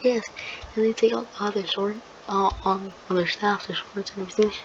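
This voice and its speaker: A woman rambles through an improvised fan-fiction story, pausing and hunting for her next words in a flat, level voice. The recording is dull and lo-fi, with steady noise underneath. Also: mid-range voice. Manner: rambling, hesitant, searching for words. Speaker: channel host.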